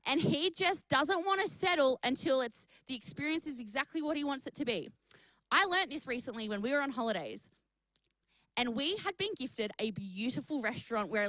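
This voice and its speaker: Young woman, youth pastor, upbeat storytelling, slightly high voice, dry close sound. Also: dry recording, poor audio. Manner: energetic, chatty, addresses the chat. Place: studio for an online youth stream.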